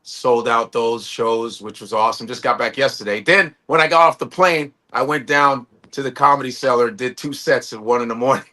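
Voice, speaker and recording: A man, a stand-up comedian, telling stories animatedly on a video-call panel and slipping into quick impressions. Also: medium pitch, sharp tone. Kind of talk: casual panel chat.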